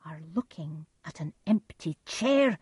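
A woman voicing a cold, controlling queen who speaks in hushed, urgent tones, in a storybook reading. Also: a little high, unhurried, husky, no room sound, voice pushed up.

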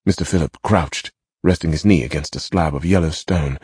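Deep, husky male audiobook narrator. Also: no echo, studio quality. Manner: measured, expressive storytelling. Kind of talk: scripted narration.

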